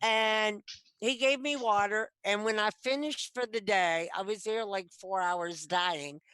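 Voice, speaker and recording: A middle-aged woman, a metal detectorist guest on a video call, telling stories in a lively, chatty way. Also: medium pitch, measured pace, smooth. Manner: animated, chatty, acts out quoted lines. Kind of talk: casual storytelling. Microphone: computer mic on video call.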